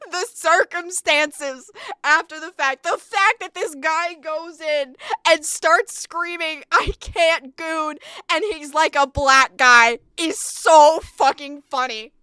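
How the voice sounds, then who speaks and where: A woman streamer giving live reaction commentary, excitable and profane, rambling with frequent laughter. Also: sits high, slow pace, no echo.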